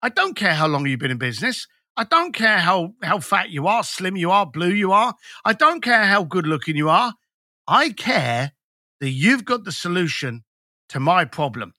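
A man's voice: high voice, very animated, moderate pace, bright, forceful tone, no room sound, clean studio sound. A man, a business coach talking bluntly and emphatically as a podcast guest. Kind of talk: podcast conversation.

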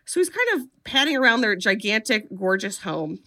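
Bright-voiced podcast lady recapping a horror flick, acting out the lines, snarky. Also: mid-range voice, fairly quick. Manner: lively storytelling, acts out quotes, sarcastic asides. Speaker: podcast co-host recapping a film. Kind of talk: animated comedic film recap.

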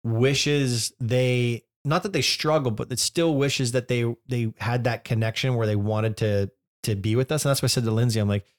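A man's voice: medium pitch, fairly even intonation, normal speed, hardly any pauses. A man in his thirties co-hosting a casual podcast with his partner, joking one moment and earnest the next. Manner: joking, earnest, emotional at times. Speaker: podcast co-host. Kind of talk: casual couple chat.

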